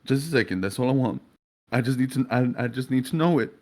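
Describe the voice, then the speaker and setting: A man's voice: mid-range voice, animated, fast talker, a little mellow, lightly acted. A man voicing a grief-stricken middle-aged father who pleads and stammers. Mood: desperate pleading.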